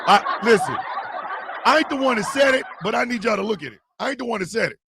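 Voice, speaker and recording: A man hosting a live stream show, telling animated, profane jokes in a casual rant. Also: extremely high pitch, quick pace, gravelly, heavy background noise. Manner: animated, joking, profane storytelling. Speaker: host.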